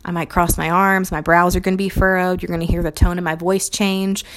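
This talk on teaching comes from a young Montessori teacher whose voice is fairly low and level, and she speaks a little fast. Her tone is earnest and reflective, and she performs brief quoted lines.

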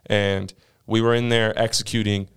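A man's voice: fairly low pitch, moderate pace, clean tone. A young man hosting a casual podcast chat, telling stories animatedly and acting out what people said, with some swearing. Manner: animated storyteller who acts out quotes with swearing. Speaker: podcast host.

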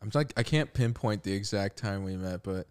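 A young man telling a long story in a casual podcast chat, relaxed, swearing and saying "like" often. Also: lowish voice, a little fast, clean tone. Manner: laid-back, swearing, heavy use of "like". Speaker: podcast co-host.

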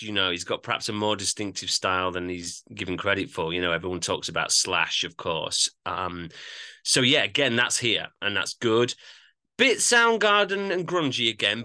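Bright-voiced man reviewing an album. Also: on the low side, clean tone. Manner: animated, laughs easily, musing asides. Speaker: podcast co-host. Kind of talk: casual album review chat.

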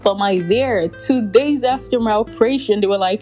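A woman's voice: medium pitch, steady tone, fairly quick, hardly any pauses, a little mellow, faint music behind. A young woman vlogger telling a personal story in a casual, rambling way, full of "like" and little laughs. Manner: rambling, heavy use of "like", laughs between phrases.

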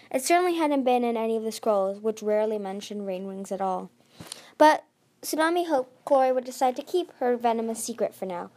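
Woman reader, slightly high voice, steady narration with stumbles and self-corrections. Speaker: storybook reader. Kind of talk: reading a novel aloud.

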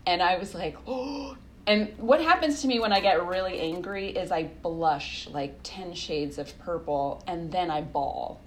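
Animated woman telling stories, lowish voice. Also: normal speed, few pauses, slight background noise. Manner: animated, laughs often, acts out quotes. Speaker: guest. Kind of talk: casual interview storytelling.

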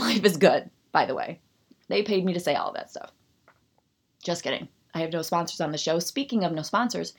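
A woman's voice: on the low side, vocal fry, husky. A woman in her thirties hosting a solo podcast, ranting sarcastically and animatedly, then reading a passage aloud. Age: 30s. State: out of breath. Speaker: podcast host.

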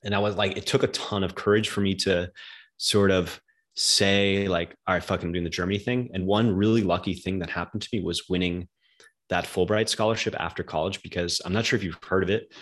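A man's voice: low voice, fairly even intonation, a little fast, a bit bright. A young man from the United States, talking casually and loosely as a podcast guest, with lots of slang. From United States, outside New York City.

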